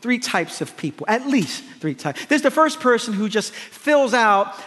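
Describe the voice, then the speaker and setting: A man with a high voice delivers a sermon to his congregation in a large hall with a long, echoing reverb. He preaches emphatically, doubling back on his phrases and throwing quick asides to the people in front of him. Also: very animated, fairly bright tone. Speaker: pastor.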